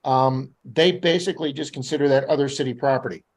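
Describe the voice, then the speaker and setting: A man from Florida, a metal detecting guest, telling rambling, animated stories and acting out what people said. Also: medium pitch, fairly quick. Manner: rambling, animated anecdotes with acted-out quotes. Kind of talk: casual storytelling on a live podcast.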